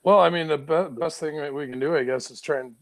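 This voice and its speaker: A man joins a tabletop game as a player and keeps up jokey, laughing banter. His voice sits a bit high, with a strong gravelly fry running through it. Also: fast talker. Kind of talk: casual tabletop play.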